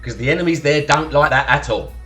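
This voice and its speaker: Over soft background music, a young livestream host from Essex chats and swears casually, laughing often and thanking followers, in an estuary accent. He speaks fast, in a voice that's a little high and a bit bright.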